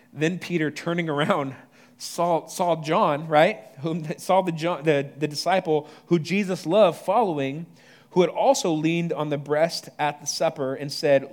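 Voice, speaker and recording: A pastor in his thirties delivering a sermon in a conversational, animated way, with asides to the congregation. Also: on the high side.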